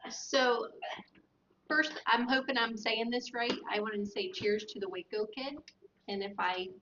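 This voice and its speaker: A woman's voice: fairly high pitch, fairly even intonation, measured pace, fairly bright tone, slight background noise. Woman, reads viewer comments, polite, apologetic, distant from mic, dull audio. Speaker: tasting organizer reading viewer comments. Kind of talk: casual chat.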